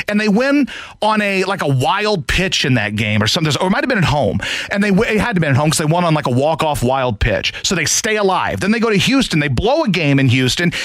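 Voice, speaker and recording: A man in his thirties hosting sports talk radio, telling a long story in an animated way with shouted asides. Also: high voice, dry recording. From St. Louis area.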